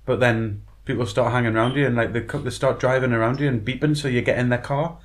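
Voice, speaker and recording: A man's voice: mid-range voice, fast talker. A man, co-hosting a casual podcast chat and telling stories with frequent laughter. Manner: laughing storyteller, chatty and animated. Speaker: podcast co-host.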